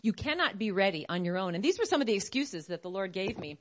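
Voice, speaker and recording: A woman preaching a sermon in an animated way, acting out other voices as she speaks. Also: mid-range voice, fast, slight background noise.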